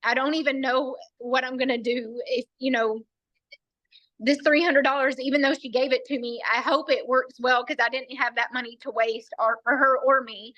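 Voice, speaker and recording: Bright, earnest woman telling her story. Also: high voice, fairly even intonation, moderate pace, no echo, muffled recording. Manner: earnest storytelling, quoting others. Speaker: team member sharing a story. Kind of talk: personal testimony on a team call.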